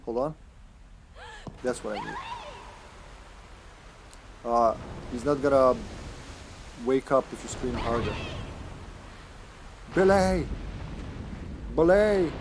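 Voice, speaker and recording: Casting: casual male streamer, rambling and stammering commentary over gameplay, mid-pitched voice. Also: fairly even intonation, takes it slowly, gravelly, pauses often, slight background noise. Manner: rambling, stammering, swears and laughs a lot. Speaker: streamer playing a horror game.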